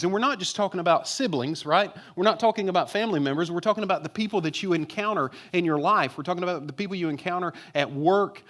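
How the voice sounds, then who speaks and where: A pastor with a rather high, slightly bright voice preaches to a congregation in church. He keeps it conversational and poses many rhetorical questions.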